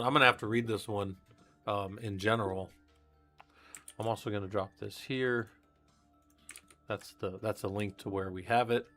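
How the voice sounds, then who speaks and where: A man's voice: fairly low pitch, a bit bright. A man reading research papers aloud on a live stream and commenting casually between passages, with fillers and restarts. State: coughing, hiccups.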